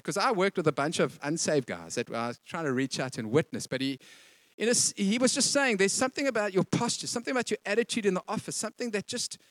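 Man, pastor, lively sermon, high voice, dry close sound. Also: no echo. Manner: animated, conversational preaching with quick voiced asides.

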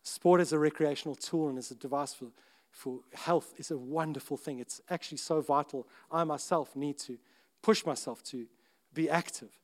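Male pastor, high-ish voice, sermon delivery that is chatty and earnest, with restarts and bursts of volume. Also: normal speed, few pauses. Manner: earnest, conversational, with self-interrupting restarts and sudden rises in volume.

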